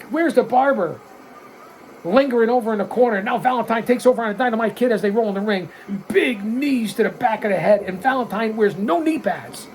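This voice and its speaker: Man in his sixties, watch-along host, rowdy cussing play-by-play, faint noise behind. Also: high-pitched. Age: 60s. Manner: excitable, blunt and profane, calls out mistakes. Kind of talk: wrestling watch-along commentary.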